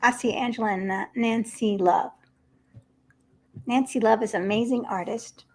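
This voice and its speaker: A woman's voice: fairly high pitch, moderate pace. A woman hosting a casual livestream chat, telling stories with frequent laughter over a video call. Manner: chatty storyteller, laughs often.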